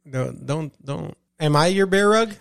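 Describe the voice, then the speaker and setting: A young man with a slightly higher voice banters loosely on a podcast. He gets excited quickly and his pitch leaps when he jokes. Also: vocal fry. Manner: excitable, says dude a lot, big pitch jumps when joking. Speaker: podcast co-host. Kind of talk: casual banter.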